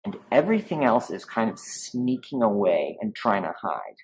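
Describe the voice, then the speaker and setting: A man's voice: on the low side, sing-song, moderate pace, low-quality recording. A man teaching a Latin grammar lesson over slides, speaking informally and stretching out the sounds of words when he models them. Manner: informal and explanatory, with restarts.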